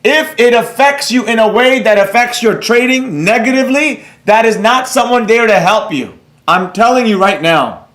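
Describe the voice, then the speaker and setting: A man's voice: very high-pitched, animated, normal speed, a bit bright, reverberant. A man hosting a trading livestream, talking bluntly and brashly with some swearing while he reads out the chat. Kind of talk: live-stream rant, reading chat aloud.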